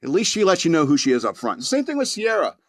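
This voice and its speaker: A man's voice: on the high side, huge pitch swings, quick pace, no echo, clean studio sound. A man hosting a podcast, rambling through a crude, mock-angry comedic rant and laughing at his own jokes. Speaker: podcast host.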